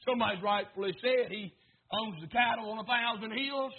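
Man, preacher, very high voice, tinny phone-like sound, fervent and repetitive, hushed to shouting. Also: a little fast, slightly rough. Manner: fervent preaching, swings from near-whispers to shouts; rhythmic repetition, asks congregation to repeat. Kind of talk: sermon.

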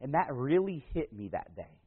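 A man preaching a sermon as pastor, telling a personal story in a folksy way, moving between loud emphatic passages and hushed slow ones. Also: medium pitch, sing-song, slightly rough. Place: church. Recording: tinny phone-like radio broadcast in a big reverberant hall.

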